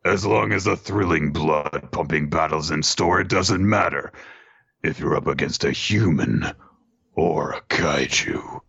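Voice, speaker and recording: A man voicing a bloodthirsty male monster eager for battle, with a slow, menacing way of speaking. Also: extremely low pitch, vocal fry, fairly bright tone, husky, dull audio, exaggerated voice.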